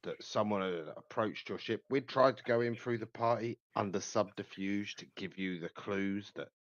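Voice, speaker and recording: A low-voiced man spinning a story in character during a tabletop game, smooth and coaxing, calling others mate and son. His mic sounds dull and lo-fi, with a dry, close sound and no room around it. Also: normal speed, dry recording. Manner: smooth, persuasive, calls people mate and son. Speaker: player. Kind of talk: in-character tabletop role-play.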